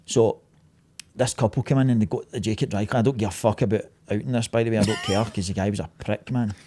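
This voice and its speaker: A Scottish man hosting a podcast, telling stories in a sweary, animated way. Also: fairly low pitch, fast talker, background noise. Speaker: podcast host and business owner. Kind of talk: casual podcast chat. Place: podcast studio.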